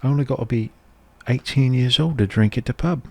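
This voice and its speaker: A cheery young British lad heading down the pub, his exaggerated accent riding noticeably higher than a normal speaking voice, as an American man puts him on. The voice is playful and overdone, a quick comic bit tossed off in the middle of a soft-spoken chat. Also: natural voice. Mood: joking. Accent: British, put on.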